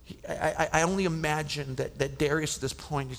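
A man preaching a sermon at a men's conference, impassioned, often stammering and restarting, and dropping to a hushed whisper for effect. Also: fairly high pitch, fairly even intonation, fairly quick, creaky. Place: large conference hall. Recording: long reverb of a large hall.

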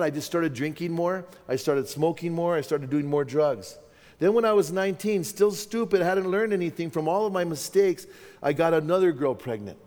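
Fifties male preacher, candid storyteller, slightly high voice, long reverb of a conference hall. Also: darkish tone. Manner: candid storytelling, acting out dialogue. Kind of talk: testimony sermon.

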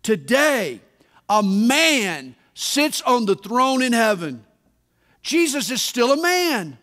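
A man preaching a sermon at a conference, deliberate and emphatic, with dramatic pauses. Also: extremely high pitch, very animated, a bit bright. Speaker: pastor. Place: large conference hall. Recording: reverberant conference hall.

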